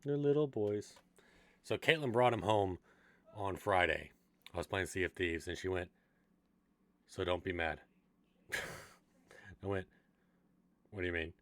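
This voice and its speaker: Relaxed low-voiced young man chatting. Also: measured pace, pauses often, no echo. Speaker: streamer. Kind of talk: casual chat to viewers.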